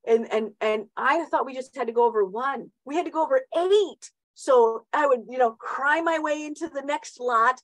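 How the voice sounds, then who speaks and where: A woman's voice: a little high, fairly quick, few pauses, no room sound, rough recording. Middle-aged woman giving a motivational talk, rambly and chatty, keeps asking right?, very dry close mic. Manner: chatty, many restarts and tag questions. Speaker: host.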